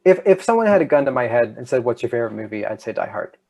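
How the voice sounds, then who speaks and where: A man's voice: mid-range voice, sing-song, rapid-fire, creaky, a little mellow. Eager man chatting on a podcast. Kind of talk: casual podcast chat.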